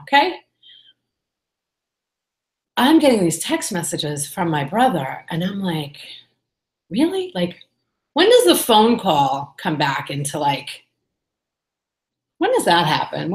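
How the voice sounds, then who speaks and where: A woman's voice: deep voice, echoey room. A woman talking candidly to the camera in a casual personal vlog, rambling and chatty with lots of fillers. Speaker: vlogger.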